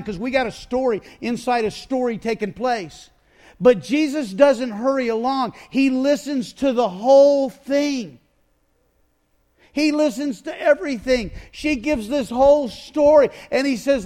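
A man preaching a sermon, retelling a Bible story with dramatic swings between loud outbursts and hushed moments. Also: extremely high pitch, moderate pace.

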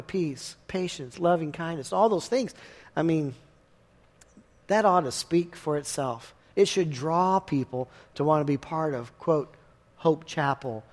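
A man preaching a sermon in a folksy, conversational way, telling everyday stories to make his points. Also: a little high. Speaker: pastor.

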